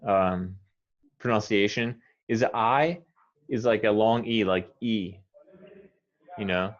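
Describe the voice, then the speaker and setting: A man with an American accent teaching English pronunciation one-on-one, modelling words slowly and repeating them patiently. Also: fairly low pitch, muffled recording.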